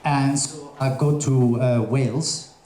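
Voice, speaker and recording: A man doing a stand-up comedy set on a theatre stage, telling jokes in a hesitant, halting way with many fillers. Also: mid-range voice, fairly even intonation, warm tone. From Russian parents, raised in Colombia. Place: theatre stage before a live audience. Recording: echoey theatre with audience ambience.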